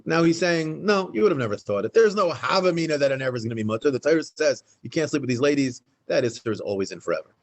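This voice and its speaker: Fast, animated man teaching Talmud. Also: on the high side, low-quality recording. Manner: animated, restates points, fast and emphatic. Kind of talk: Daf Yomi Talmud class. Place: synagogue study hall, in front of a small class.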